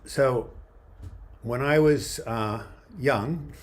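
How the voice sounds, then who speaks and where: A man's voice: medium pitch, drawn-out words. A man in his seventies rambles through a casual livestream outdoors, speaking into a handheld phone. He reads viewer comments aloud and drifts between thoughts in an everyday mid-range voice. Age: 70s. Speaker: livestream host. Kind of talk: casual livestream chat answering viewer questions. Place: outdoors by a river waterfront. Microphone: phone held in one hand.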